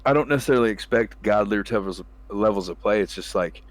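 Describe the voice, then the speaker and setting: A man's voice: lowish voice, quick pace, hardly any pauses. A man hosting a casual gaming chat, laughing often, swearing freely and acting out what he would say to his teammates. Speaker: podcast host and gamer.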